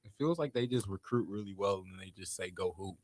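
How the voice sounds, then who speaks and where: A man working as a radio show producer, tossing in short jokes during the talk. His voice sits low, and he sounds quiet and set back from the mic in a dry studio. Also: brisk, dry recording. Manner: brief, joking interjections.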